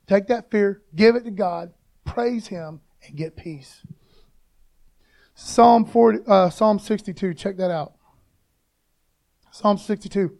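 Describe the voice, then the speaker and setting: A man's voice: sits high, takes it slowly, vocal fry, pauses often, darkish tone. Fired-up man giving a casual sermon. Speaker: preacher. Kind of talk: informal devotional talk.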